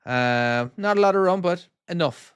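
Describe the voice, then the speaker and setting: Chatting loosely with his stream audience while playing a trucking game, this ex-trucker from Ireland speaks in a Cork accent, often starting sentences over and checking in with "all right?" as he reads chat. His voice sits high and expressive at a normal pace, with a clean tone and no room sound.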